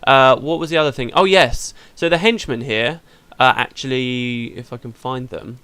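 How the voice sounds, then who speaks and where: A man's voice: mid-range voice, normal speed, pushed and bright, clean tone, dry recording. A man hosting a let's play, chatting casually through the game and laughing easily.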